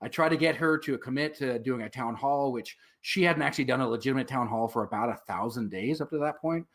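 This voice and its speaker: Man, interview guest, veteran activist, casual storytelling, rambling, filler-heavy, profane, mid pitch. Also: fast talker, a bit bright.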